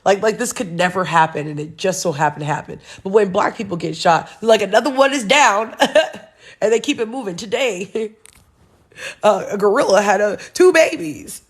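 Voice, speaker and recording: A woman's voice: medium pitch, normal speed, breathy edge. A young woman hosting her own show, reading news headlines aloud and reacting with blunt, sarcastic remarks and frequent laughs. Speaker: show host.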